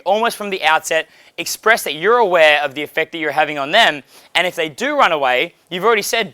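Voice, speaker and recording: A man coaching on dating in a loose, blunt way, swearing casually. His voice is bright and crisp, a touch high for a man. The sound is dry and close. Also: a little fast, no echo. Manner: blunt, profane, relaxed, frequent laughs.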